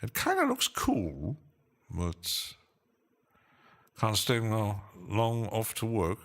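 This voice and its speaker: Very slow, low-voiced male streamer. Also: wildly swooping pitch, a bit bright. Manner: hesitant, with many fillers and chuckles, answering chat. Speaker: live stream host. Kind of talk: casual live-stream chat.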